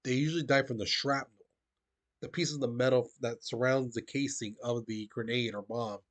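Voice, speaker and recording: A man giving a recorded history lesson in a casual, conversational way. His voice sits at an ordinary middle pitch, and he keeps checking in with his students as he goes. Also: steady tone, normal speed. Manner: casual, conversational, peppered with "okay?" and "the thing is". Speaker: teacher.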